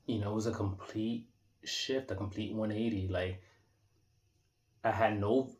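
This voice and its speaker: A man's voice: lowish voice, steady tone, unhurried, a little mellow. A man in his thirties talking casually and reflectively in an unscripted monologue, rambling with many restarts and fillers. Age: 30s. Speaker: vlogger. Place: indoor room.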